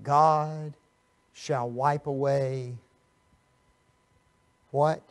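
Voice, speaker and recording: A man preaching a Bible study sermon, firing rhetorical questions at his listeners and swinging from quiet asides to loud, emphatic bursts. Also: medium pitch, very slow. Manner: animated, rhetorical questions to the audience.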